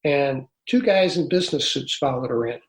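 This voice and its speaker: A man in his sixties, a guest author recounting his own past in an interview. He tells it earnestly and haltingly, with many restarts. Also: mid-range voice, animated, roomy sound. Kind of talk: storytelling in an interview.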